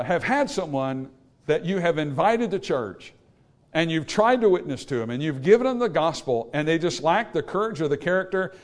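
A male pastor preaching a sermon, swinging from quiet explanation to loud emphatic calls to the congregation. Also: a little high.

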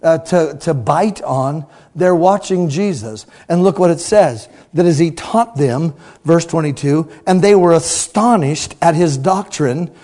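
Guy preaching, teasing the crowd, loud bursts then quiet asides, kinda high voice. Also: a little slow, few pauses. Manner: playful, teasing the congregation. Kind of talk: sermon.

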